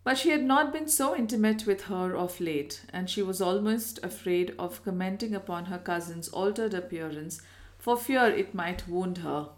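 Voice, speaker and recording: Soft-spoken woman narrating a classic tale. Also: lowish voice, normal speed. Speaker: audiobook narrator. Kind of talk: scripted narration.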